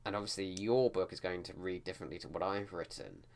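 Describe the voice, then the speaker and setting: A man's voice: deep voice, quick pace, creaky, slight background noise. A man talking casually to camera about editing his book, rambling with frequent restarts. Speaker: writing vlogger.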